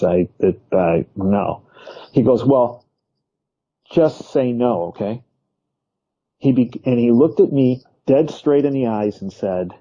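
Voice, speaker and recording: A man at a medium pitch tells a long story as an interview guest. He quotes the other person again and again with "he goes". The sound is dull and lo-fi. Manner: retells a conversation with many "he goes", quoting dialogue.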